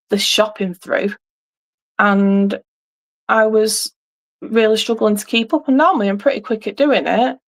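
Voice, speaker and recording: A middle-aged woman, host of a livestream, chatting casually and telling a rambling story with many restarts. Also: mid-range voice.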